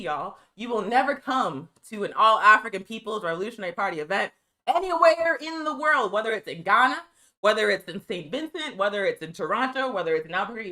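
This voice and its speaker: A woman hosts a live political news stream, reading from a press release and calling her viewers y'all. Her mid-range voice is bright and forceful, and she talks fast and emphatically over poor audio.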